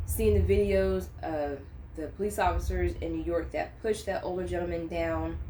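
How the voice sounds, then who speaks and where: Woman, unscripted faith vlog, impassioned and earnest, lower pitch, light hiss on the recording. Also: dark tone. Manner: earnest, impassioned, rising to emphatic peaks. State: choked up. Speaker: Christian vlogger. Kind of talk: unscripted faith talk to camera.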